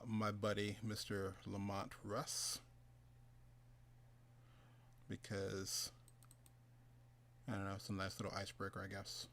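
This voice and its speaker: A man's voice: fairly low pitch, a little hiss or hum. Joking man hosting a livestream. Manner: loose, joking, chatty. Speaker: summit host. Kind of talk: casual livestream interview.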